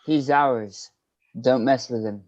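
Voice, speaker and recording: A man's voice: medium pitch, slow pace, no room sound, lo-fi sound. A man playing a tabletop game, throwing in teasing quips. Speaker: player.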